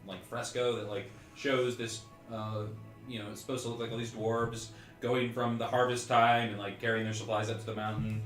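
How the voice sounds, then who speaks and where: A man's voice: mid-range voice, level tone, moderate pace, a bit bright, echoey room, soft background music. A man narrating as game master of a tabletop game, in a casual, rambling way full of fillers.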